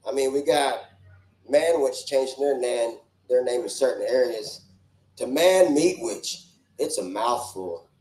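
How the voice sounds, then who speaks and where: A man's voice: medium pitch, fairly even intonation, measured pace, dark tone. A man in his forties doing crude, brash, rambling stand-up at a club open mic with a handheld microphone. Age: 40s. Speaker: stand-up comedian. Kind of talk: stand-up comedy. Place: small comedy club stage. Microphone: handheld stage microphone. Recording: roomy club sound.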